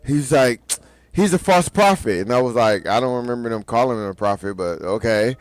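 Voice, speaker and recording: A man with a lowish voice co-hosts a radio show, speaking briskly with no room sound. Chatting casually, he tells a story, laughing often and acting out the voices of its characters.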